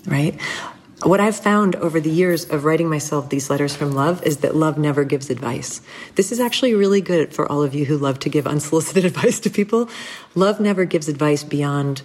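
A woman speaking as an interview guest, reflective and conversational, telling personal stories with small restarts and soft laughs. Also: sits low, moderate pace. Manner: thoughtful, warm storytelling with frequent restarts and light laughs.

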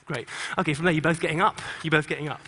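A middle-aged choreographer on a conference stage, speaking to an audience and directing dancers with quick instructions and rhythmic sound cues. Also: male voice, a little high, in a large hall, noisy background. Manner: encouraging, energetic coaching.

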